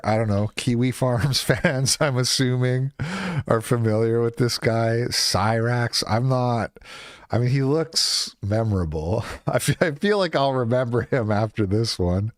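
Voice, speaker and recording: A man's voice: mid-range voice, moderate pace, dry recording, clean studio sound. A man hosting a casual reaction commentary show, with mocking, chuckling asides. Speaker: commentary streamer.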